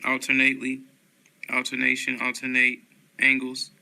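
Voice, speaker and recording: Guy reading dictionary words one after another, dead flat, bright crisp voice. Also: mid-range voice, moderate pace, rough recording. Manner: flat, steady word-by-word reading with small slips. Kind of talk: reading a word list aloud.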